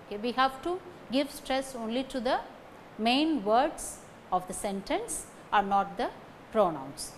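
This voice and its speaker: A woman gives a recorded lecture on phonetics, speaking deliberately, repeating example sentences and checking in with "okay" between points. Her voice is fairly high with lively intonation, and the poor audio carries a little hiss or hum.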